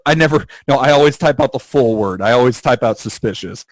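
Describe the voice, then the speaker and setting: A man co-hosting a podcast, telling stories in casual chat, swearing freely and jumping into high silly voices for the people he quotes. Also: fairly quick, no echo, poor audio. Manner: swears freely, laughs at his own stories. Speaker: podcast co-host.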